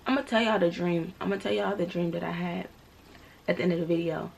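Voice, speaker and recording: Gravelly-voiced young woman telling a story. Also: on the low side, a little fast, slight background noise. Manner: animated, talks straight to viewers, faith-filled testimony. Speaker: vlogger. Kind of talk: casual storytelling to viewers.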